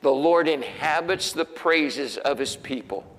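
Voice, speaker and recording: A man's voice: a little high, measured pace. Man preaching in a reverberant hall. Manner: swings between hushed near-whispers and loud emphatic preaching. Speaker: pastor. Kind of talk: sermon. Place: church sanctuary. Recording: long reverb of a large hall.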